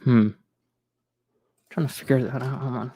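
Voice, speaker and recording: A man's voice: mid-range voice, fairly even intonation, a little slow, warm tone, slightly rough, no room sound. A man streaming from home, chatting casually into a close mic, rambling with many fillers and restarts. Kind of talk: casual live-stream chat.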